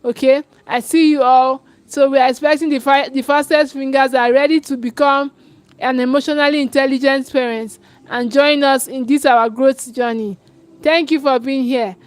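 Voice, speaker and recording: A woman, a parenting coach giving an urgent, repetitive live webinar sales pitch and often restarting her phrases. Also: steady tone, normal speed, no room sound.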